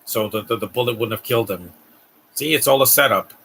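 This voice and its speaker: Man streaming a movie watch-along, bright tense voice, a bit husky, offhand sarcastic remarks. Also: medium pitch, brisk. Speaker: live stream host watching a film. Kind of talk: casual commentary while watching.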